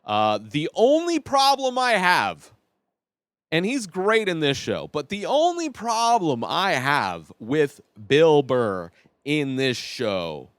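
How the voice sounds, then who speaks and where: A man's voice: on the high side, wildly swooping pitch, slow pace, a bit bright, clean tone, dry recording. Chatty man reviewing a show, dry sound. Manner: chatty and opinionated, thinking aloud. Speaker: podcast host reviewing a TV series. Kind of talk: casual solo review.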